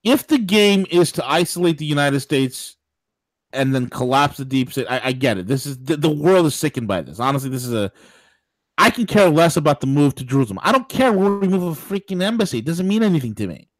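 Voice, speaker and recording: A man hosting a political talk radio show, ranting in an animated way, with mock voices and laughter. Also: on the high side, brisk, no echo.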